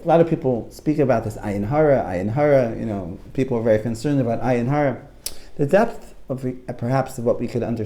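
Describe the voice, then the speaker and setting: Mellow-voiced man teaching Torah. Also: mid-range voice. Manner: animated storyteller, repeats phrases, many restarts. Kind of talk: Torah talk to a live audience.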